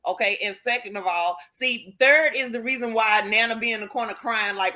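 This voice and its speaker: A woman in her twenties with a high, bright voice co-hosts a casual talk show. She talks in an emphatic, exasperated way, scolding her co-hosts. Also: moderate pace, hardly any pauses. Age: 20s. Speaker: podcast co-host. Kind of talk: casual chat.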